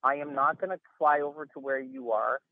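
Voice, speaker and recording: A man's voice: medium pitch, fairly even intonation, a little fast, dry recording. Man on a tinny phone line. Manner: emphatic, rambling, exasperated. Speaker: interview guest. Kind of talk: casual phone interview. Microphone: phone call.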